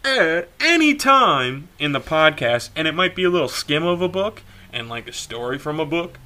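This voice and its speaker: A man's voice: on the high side, very animated, normal speed, pushed and bright. A man co-hosting a casual podcast, giggly and loose, swearing freely. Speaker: podcast co-host. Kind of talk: casual chat.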